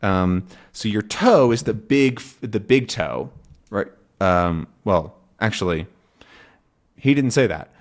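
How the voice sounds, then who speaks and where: Male language teacher for learners, unhurried, animated delivery, keeps rephrasing and checking understanding. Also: lowish voice. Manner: patient, repeats and rephrases, checks with "right?". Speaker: English teacher. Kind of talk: slow explanation for language learners.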